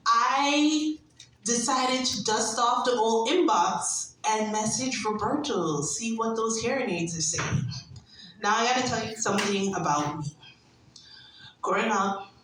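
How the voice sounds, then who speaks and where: A brash young woman tells a stand-up story, animated and quick to laugh. Her voice sits at a middle pitch and rings out in a very echoey room. She sounds set back from the mic, with faint ambience behind her. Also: distant mic, slight background noise. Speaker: stand-up comedian. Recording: echoey room, heard from afar.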